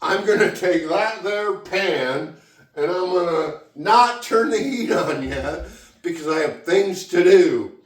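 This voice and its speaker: A man's voice: high voice, expressive, takes it slowly, echoey room, recorded from a distance. A tipsy man hosting a casual cooking vlog in his home kitchen, rambling, giggling and swearing freely as he cooks. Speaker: home cook, vlog host.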